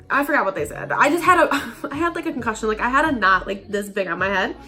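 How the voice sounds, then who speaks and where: A woman's voice: a little high, expressive, fast, bright, forceful tone, faint music behind. A young woman telling a casual storytime vlog, chatty and filled with "like", acting out the voices of people in her story. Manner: chatty, heavy use of "like", acts out quotes. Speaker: vlogger.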